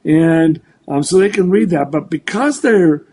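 A man's voice: a little high, measured pace, slightly rough. A man in his sixties, a meteorologist, talking casually with many restarts and repeats. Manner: animated, full of restarts and repeats. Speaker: meteorologist guest. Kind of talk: casual talk show chat.

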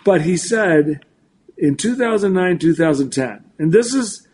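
Animated older male forecaster. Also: high-pitched, a little slow, slight background noise. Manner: animated, full of restarts and repeats. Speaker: meteorologist guest. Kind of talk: casual talk show chat.

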